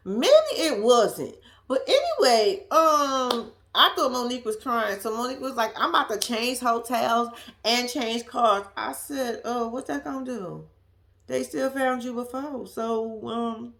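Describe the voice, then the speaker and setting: A woman's voice: a little high, lively intonation, unhurried, fairly bright tone. A woman giving a blunt, profane, sassy recap of a reality show in casual chat, laughing often. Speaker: reaction commentator.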